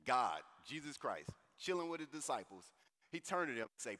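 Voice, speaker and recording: A man preaching a sermon in an animated, conversational way with slang. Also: medium pitch, brisk. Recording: long hall reverb.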